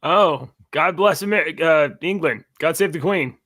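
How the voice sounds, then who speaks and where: A man's voice: fairly high pitch, a little slow, a bit bright, no echo, studio quality. A man co-hosting a casual podcast, reacting with enthusiasm. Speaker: podcast co-host.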